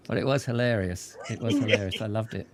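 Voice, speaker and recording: Man telling a lively, chuckling anecdote. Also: on the low side. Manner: lively storyteller, chuckling often, many restarts. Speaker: host. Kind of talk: casual chat, telling an anecdote.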